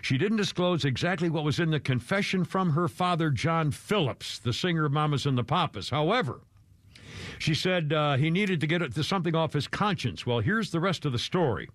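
A man's voice: on the high side, expressive, fairly quick, fairly bright tone, no room sound. A man hosting a radio show, talking casually in a rambling, chuckling way with many restarts.

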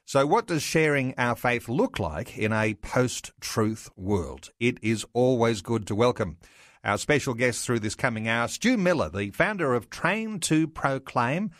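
A man, hosting a radio talk show interview in a measured, unhurried way. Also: medium pitch, expressive, a bit bright, no room sound, clean studio sound. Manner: measured, unhurried, with occasional fillers. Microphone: studio microphone.

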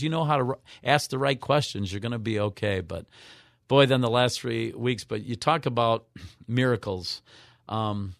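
A man of mature years, a radio show guest, earnestly telling a personal story with halting restarts. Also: fairly low pitch, creaky, dry recording, clean studio sound. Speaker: guest, author.

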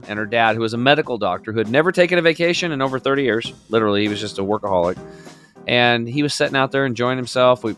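Guest, male, 50s, low-leaning voice, chatty and outgoing storyteller, faint guitar behind. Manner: lively, outgoing, many fillers. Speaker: podcast guest. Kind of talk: casual storytelling.

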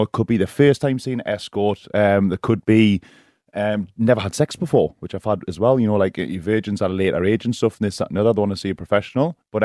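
A man's voice: on the low side, mellow, no room sound, clean studio sound. A man being interviewed as a guest on a radio show, frank and rambling, often laughing and asking "do you know what I mean". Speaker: guest, professional escort. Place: radio studio.

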